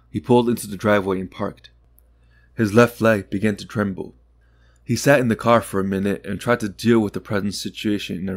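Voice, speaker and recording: A man reading a short story aloud in calm, unhurried scripted narration. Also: on the low side, gravelly. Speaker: audiobook narrator.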